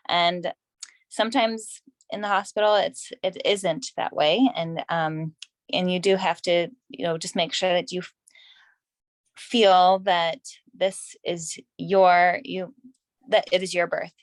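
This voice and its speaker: A woman birth professional giving earnest advice on a video call, with halting restarts. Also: fairly low pitch, dry recording. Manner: earnest, halting, many restarts and "you know".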